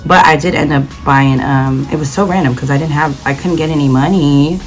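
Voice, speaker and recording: A young adult woman telling a casual travel story in a chatty, animated way, full of slang and dramatic asides. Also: sits low, a little fast, soft background music, low-quality recording. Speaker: vlogger.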